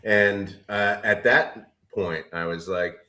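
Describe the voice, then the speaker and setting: A middle-aged man with a fairly low voice talks in a loose, casual way. He keeps trailing off into fillers and restarts his sentences as he recounts things to a friend. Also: fairly even intonation, slow, pushed and bright. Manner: rambling, hesitant, many fillers and restarts. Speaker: podcast co-host. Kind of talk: casual chat.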